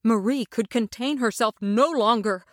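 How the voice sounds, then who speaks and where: A woman narrating a children's story aloud with expressive, dramatic delivery. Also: a little high, normal speed, no room sound, studio quality. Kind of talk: storybook reading.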